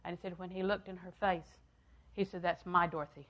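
An older woman preaching a sermon, repeating phrases for emphasis and swinging from loud, emphatic lines down to hushed ones. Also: lowish voice, level tone, a little fast, dull audio.

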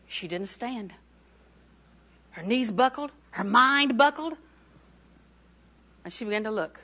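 A woman in her sixties preaching a sermon, repeating phrases for emphasis and moving between quiet asides and loud declarations. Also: fairly high pitch, expressive, slow pace, pauses often.

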